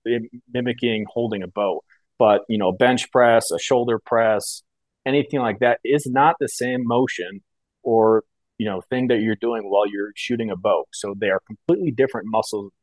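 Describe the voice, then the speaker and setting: A man's voice: lowish voice, normal speed, dry recording. A man co-hosting a podcast, chatting casually and rambling through a personal story with lots of filler words. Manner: casual, rambling, many fillers like "you know" and "like". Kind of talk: casual chat.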